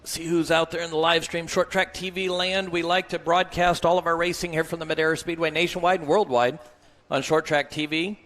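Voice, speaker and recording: A man's voice: a little high, flat delivery, fairly quick, a bit bright. A man announcing a race broadcast from the booth in an upbeat broadcaster style.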